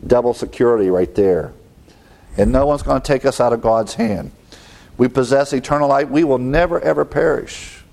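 A man preaching an expository sermon in an earnest teaching tone. His voice sits in a middle pitch, and he quotes scripture and asks his listeners rhetorical questions. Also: moderate pace, creaky, darkish tone.

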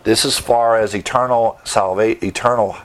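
Guy pastor preaching, bit low voice, explains greek words, keeps asking isn't that great. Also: steady tone, normal speed. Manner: teaching verse by verse, emphatic asides. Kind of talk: sermon.

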